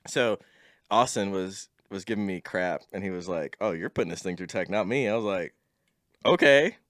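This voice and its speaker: Laid-back low-voiced man telling stories. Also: moderate pace, fairly bright tone, no room sound, studio quality. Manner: laid-back, laughs often, lots of "like". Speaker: podcast guest. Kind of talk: casual storytelling chat.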